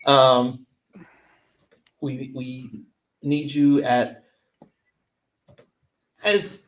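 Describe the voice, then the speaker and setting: A man's voice: mid-range voice, level tone, extremely slow, dull audio. A man running a tabletop game as game master, hesitating with frequent ums and restarts. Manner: hesitant, lots of ums and restarts, laughs often.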